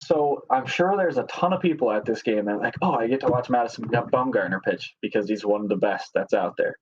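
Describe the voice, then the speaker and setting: A man's voice: medium pitch, fairly quick, lo-fi sound, slight background noise. A man co-hosting a podcast, giving blunt, opinionated takes in casual sports chat. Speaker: podcast co-host.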